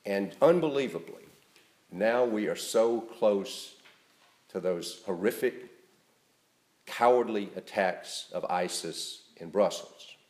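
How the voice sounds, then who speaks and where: A male pastor giving an earnest, emphatic sermon that rises in stress and then drops to a soft, quiet close. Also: lowish voice, expressive, slow, echoey room. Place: church.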